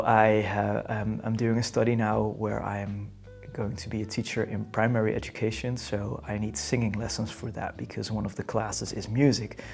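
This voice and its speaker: A young man speaks English with a Dutch accent in a low, gravelly voice. He talks casually to camera, halting often as he searches for the right word. His delivery is unhurried and plain. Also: a little mellow. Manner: hesitant, halting, searching for words. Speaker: vlogger.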